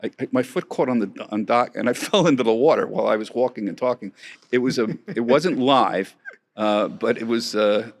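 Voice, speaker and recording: A man's voice: mid-range voice, moderate pace. A man in his sixties telling stories as an interview guest, chatty, often laughing, with many restarts. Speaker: guest, markets correspondent. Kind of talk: storytelling interview chat.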